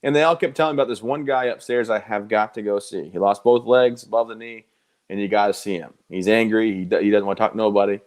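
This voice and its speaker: A man who is a guest in a live interview, telling his stories in an animated, conversational way with quoted dialogue. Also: fairly low pitch, quick pace. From United States.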